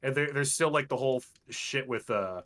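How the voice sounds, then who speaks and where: A man on a casual podcast vents about a film in a rambling, exasperated way, with plenty of swearing. His voice is bright and forceful. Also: mid-range voice, normal speed. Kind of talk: casual film-breakdown chat.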